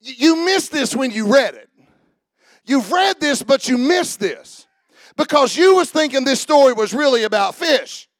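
A man preaching a sermon, animated and shouting, joking with the congregation. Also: very high voice, measured pace, no room sound. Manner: animated, shouting preaching with laughs and audience calls.

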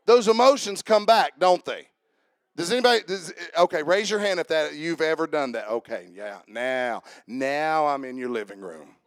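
Lively higher-voiced male pastor preaching. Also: moderate pace, no room sound, studio quality. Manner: lively, interactive, calls on the congregation. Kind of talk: sermon. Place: church.

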